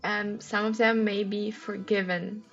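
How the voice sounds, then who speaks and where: A woman's voice: mid-range voice, level tone, a little slow. A woman livestreaming a crossword solve, reading clues aloud and musing over answers with many hesitant ums. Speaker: streamer solving a crossword. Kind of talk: thinking aloud while solving. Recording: dull lo-fi recording. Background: faint background music.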